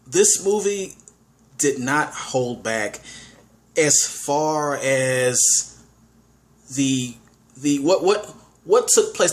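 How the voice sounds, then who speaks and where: A man giving a casual spoken movie review, enthusiastic, often restarting his words and saying "all right". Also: medium pitch.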